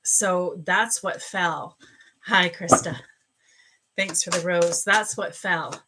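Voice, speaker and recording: A woman's voice: on the low side, fairly even intonation, slow pace, heavy background noise. A woman hosting a live stream as a psychic reader, chatting and greeting viewers by name between angel card readings.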